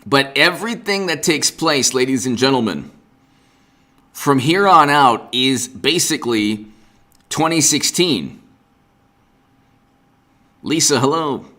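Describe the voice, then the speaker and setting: A man's voice: medium pitch, expressive, slow pace, pauses often, sharp tone. A man hosting a political livestream, ranting with sarcasm and exasperation and greeting viewers in the chat by name. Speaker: political commentary host.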